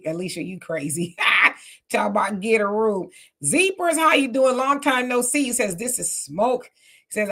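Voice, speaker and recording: A woman's voice: medium pitch, a bit bright. A middle-aged woman hosting a live stream, chatty, laughing often and greeting viewers. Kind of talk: casual live chat reading comments.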